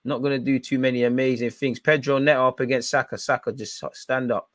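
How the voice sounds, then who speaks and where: A man's voice: mid-range voice, fairly even intonation, fast talker, a bit bright, no echo. A young man giving blunt, slangy, frustrated running commentary while watching a football match live. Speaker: football fan channel host.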